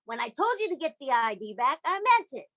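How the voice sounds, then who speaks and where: A man's voice: sits high, very animated, measured pace, gravelly, fairly bright tone, full character voice. A woman storyteller voicing a bossy male gang leader who scolds a new recruit. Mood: scolding.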